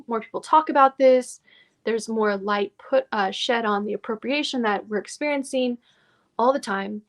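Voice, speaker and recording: Actor guest, female, thoughtful and hesitant, a touch of vocal fry. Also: medium pitch. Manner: reflective, halting with many fillers. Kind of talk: casual podcast conversation.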